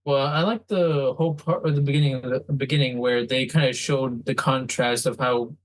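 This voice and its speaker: A man's voice: mid-range voice, fairly even intonation, moderate pace, no room sound, rough recording. A man chatting casually as a podcast co-host, teasing and contrary. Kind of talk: casual chat.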